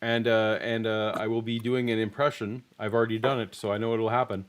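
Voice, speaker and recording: Man co-hosting a relaxed livestream. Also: on the low side, brisk, clear, resonant tone. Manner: relaxed, hesitant, laughing. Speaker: co-host. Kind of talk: casual chat.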